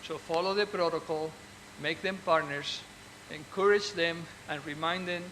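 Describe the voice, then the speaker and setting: Surgeon, male, a bit high in pitch, earnest and encouraging, stops and restarts often, faint noise behind. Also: steady tone, normal speed, pushed and bright, low-quality recording. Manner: earnest and encouraging, with frequent restarts and repeated words. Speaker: orthopedic surgeon. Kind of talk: speaking to fellow doctors.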